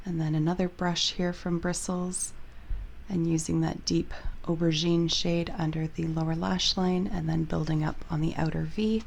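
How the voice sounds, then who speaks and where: A woman beauty vlogger narrating a makeup tutorial in a relaxed, chatty voice-over, explaining each step. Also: deep voice, creaky, a little hiss or hum.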